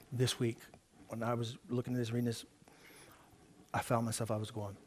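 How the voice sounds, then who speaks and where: A man's voice: mid-range voice, slight background noise. A man preaching a sermon as pastor in a church service, talking to the congregation in a conversational way and asking them questions.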